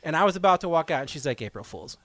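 A man, a racer and teacher, telling an animated story with frequent laughter as a guest on a radio studio show. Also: a little high, racing, crowd noise. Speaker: guest, local stock car racer and teacher. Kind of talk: casual radio chat, storytelling.

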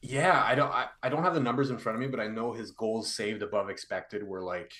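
Low-voiced man in an echoey room. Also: a bit bright. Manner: analytical, measured, filler-heavy. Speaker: co-host. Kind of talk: casual hockey livestream chat.

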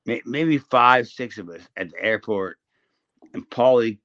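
A man's voice: mid-range voice, measured pace, a bit bright, highs cut off. A man co-hosting a podcast in casual chat, telling a rambling story full of restarts and swearing. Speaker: podcast co-host.

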